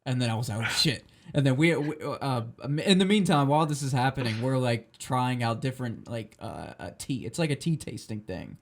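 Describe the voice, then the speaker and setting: A man's voice: mid-range voice, lively intonation, brisk, hardly any pauses. A drunk man telling a story as a podcast host, rambling, swearing and restarting often.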